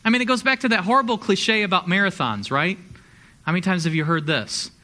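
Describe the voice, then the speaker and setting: A man preaching a sermon, a pastor talking in a conversational, energetic way and asking the congregation questions. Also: high voice, fairly quick.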